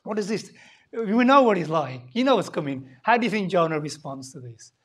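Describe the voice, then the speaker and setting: A woman preaching a sermon in a dramatic, animated way, swinging between loud emphasis and hushed asides. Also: fairly low pitch, a little fast, slightly rough.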